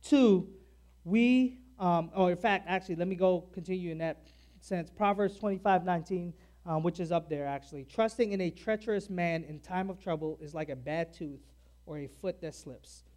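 A man's voice: high-pitched, moderate pace. A man preaching a sermon to a church in a chatty way, checking in with "all right?" after nearly every point. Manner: conversational, repeats "all right?" often; loud and soft in turns, stressing key words.

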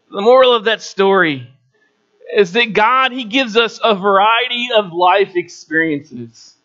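A male preacher with a notably high voice delivers a sermon, moving between a quieter low register and lifted, excited phrases as he tells a story. The recording sounds dull and lo-fi. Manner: storytelling with shifting pitch and pauses.

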